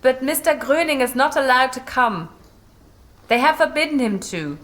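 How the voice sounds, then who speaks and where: A woman's voice: sits high, animated, normal speed, a bit bright. An actress playing an earnest young woman in a documentary reenactment. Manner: earnest, pleading. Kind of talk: reenactment acting.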